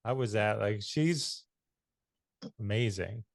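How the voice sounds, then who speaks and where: A man's voice: fairly low pitch, slow, gravelly, dry recording, studio quality. A male podcast host asking a guest curious, casual questions with brief reactions.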